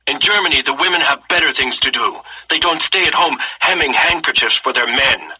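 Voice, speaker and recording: Storybook soldier, male, scornful and barking, read by a man; bright edgy tone with a breathy rasp. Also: mid-range voice, lively intonation, brisk, exaggerated voice, rough recording. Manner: contemptuous, barking.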